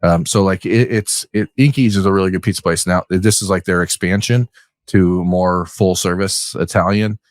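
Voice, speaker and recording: Low-voiced man, rambling podcast chat. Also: steady tone, normal speed, no room sound, studio quality. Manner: rambling, hesitant with many restarts. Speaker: podcast guest.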